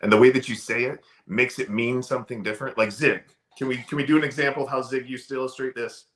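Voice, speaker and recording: A man's voice: medium pitch, steady tone, fast, a bit bright. A middle-aged man, a sales trainer, talking casually in an interview with an emphatic, storytelling delivery.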